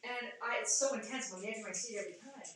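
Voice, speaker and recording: A woman's voice: a little high, very fast, fairly bright tone. A woman co-hosting a casual faith discussion, telling a story in a rambling way with lots of fillers. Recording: echoey room, distant mic, faint noise.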